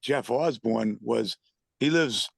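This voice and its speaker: A man from the Boston area tells stories on a video call with a loose, rambling delivery, often repeating himself. His voice is mid-pitched and sounds dry, with no room sound. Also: takes it slowly, vocal fry, dry recording. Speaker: band member, guest. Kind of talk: casual storytelling.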